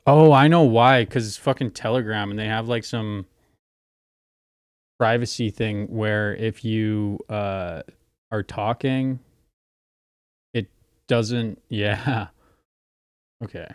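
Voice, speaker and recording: A man's voice: on the low side, slow, long pauses, clean tone, no echo, clean studio sound. A man hosting a casual livestream, chatting loosely with callers and swearing freely. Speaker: livestream host.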